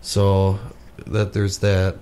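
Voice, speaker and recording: A man's voice: deep voice, completely flat delivery, extremely slow, mellow, clean tone. A young man co-hosting a podcast in casual chat, laughing often and swearing freely through joking banter. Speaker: podcast co-host.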